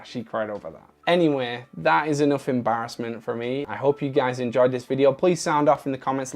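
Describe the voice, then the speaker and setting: A man talking casually to his viewers in an open, earnest and emotional way. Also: mid-range voice. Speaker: vlogger. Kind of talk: casual talk to camera.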